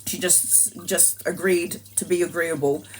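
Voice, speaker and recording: A woman's voice: lowish voice, fairly even intonation, a little slow. A woman and tarot reader telling a story in a casual livestream, acting out the voices animatedly.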